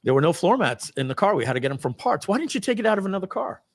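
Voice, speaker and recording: Man, middle-aged, husky, animated storytelling, acts out quotes, casual asides. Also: high-pitched, very fast. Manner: acts out quoted people with loud raised voice; casual, swears lightly, many asides. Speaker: speaker telling a personal story.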